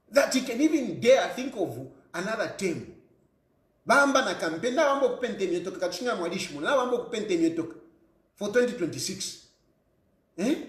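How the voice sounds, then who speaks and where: A man's voice: high-pitched, reverberant. A Zambian man giving an impassioned political monologue, firing off repeated rhetorical questions and switching between English and a local language. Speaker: political commentator.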